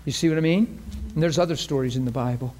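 Guy teaching a church class, kinda high voice, lively and chatty, acts stuff out. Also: fast talker, slight background noise. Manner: animated, acts out quoted prayers and voices. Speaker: ministry teacher. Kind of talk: conversational teaching on healing.

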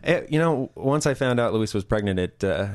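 A man in his thirties chatting as a guest musician in a podcast studio, easygoing and quick to agree and laugh. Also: medium pitch, lively intonation. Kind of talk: casual podcast chat.

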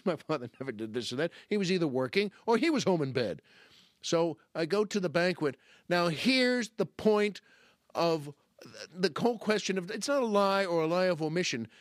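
A middle-aged man with a slightly high voice hosts a podcast monologue. He tells comic stories from his own life in a wry, lively, mock-exasperated way. He stumbles over repeated words, and the close, dry sound has no room echo. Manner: animated, wry, mock-exasperated, stammering restarts. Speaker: podcast host.

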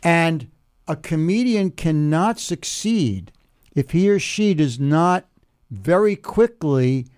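A man in his seventies explaining humor in conversation and telling a joke slowly, step by step, with pauses. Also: fairly high pitch, clear, resonant tone. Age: 70s. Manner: animated, builds jokes slowly with pauses.

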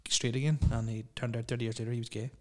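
A man's voice: medium pitch, little pitch movement, very fast. A young man, co-hosting a casual chat with rambling, crude and laughing banter. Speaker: podcast co-host.

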